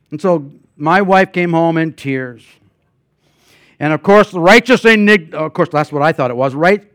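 An older man preaching a sermon as guest pastor, telling personal stories with many fillers and restarts, swinging between loud emphatic passages and quiet asides. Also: fairly high pitch, no echo, studio quality.

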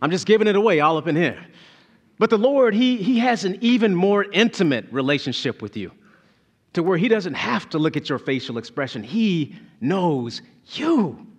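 A man preaching a sermon as pastor, emphatic and animated, repeating key phrases. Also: high-pitched, a little fast.

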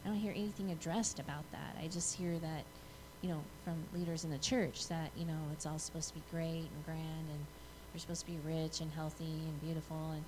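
Woman, audience question, hesitant, low flat voice, noisy room. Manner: halting, many ums and restarts. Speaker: audience member asking a question.

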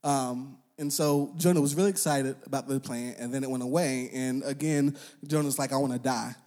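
A man's voice: mid-range voice, normal speed. A young man preaching a casual sermon in a conversational manner, with slang and filler words, acting out voices in the passages he quotes. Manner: animated, acts out quoted voices.

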